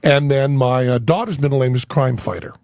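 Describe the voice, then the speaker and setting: Gravelly middle-aged man telling stories. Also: medium pitch, a little fast, dry recording, clean studio sound. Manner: storytelling, animated, swears freely. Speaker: guest. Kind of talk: casual radio chat.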